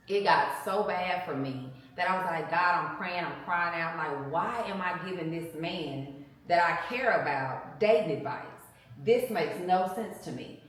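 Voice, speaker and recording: A woman's voice: low voice, a bit bright. A woman earnestly telling her side of a marriage testimony in casual chat, emphatic and devout. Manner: earnest, emphatic storytelling with religious fervor. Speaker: guest sharing marriage testimony. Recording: echoey room, mic at a distance.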